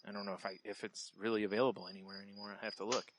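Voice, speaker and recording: A man's voice: fairly low pitch, little pitch movement, very fast, background noise. A man co-hosting a casual podcast, rambling and trailing off, laughing often as he talks. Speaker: podcast co-host.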